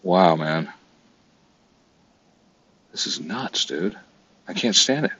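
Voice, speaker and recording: A man's voice: low voice, expressive, slow, bright, forceful tone, highs cut off, slight background noise. A man giving casual, swearing commentary to himself while browsing online, exasperated and talking under his breath.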